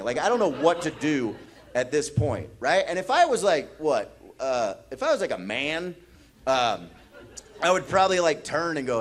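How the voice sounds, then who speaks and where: Animated, manic stand-up comedian. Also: male voice, fairly high pitch, moderate pace. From US Midwest. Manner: manic, anxious storytelling. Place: comedy club stage.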